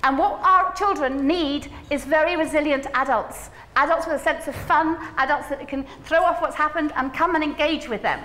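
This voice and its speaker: High-voiced woman giving a hall keynote. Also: normal speed, few pauses, slight background noise. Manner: animated, humorous, coaxing the audience to join in. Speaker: keynote speaker. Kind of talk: conference keynote talk. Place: large conference hall. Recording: echoey hall, faint ambience.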